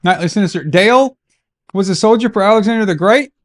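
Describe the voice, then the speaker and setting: A man with a fairly high voice hosts a live watch-along stream. He rambles through casual, joking banter that breaks into sudden loud outbursts. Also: lively intonation, fast.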